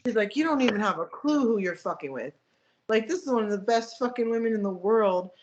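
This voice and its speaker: A woman's voice: on the low side, muffled recording. A woman co-hosting a podcast, telling a story in a casual, profane way with lots of filler words. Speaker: podcast co-host, powerlifting coach.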